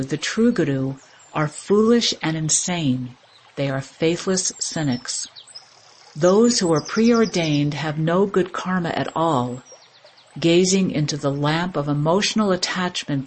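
A reader giving a measured, solemn recitation of devotional scripture. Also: medium pitch, husky.

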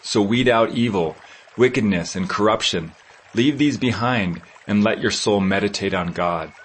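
A man giving a slow, solemn scripture reading, measured and reverent, with pauses between phrases. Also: fairly low pitch, fairly bright tone, slightly rough, low-quality recording. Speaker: scripture reader.

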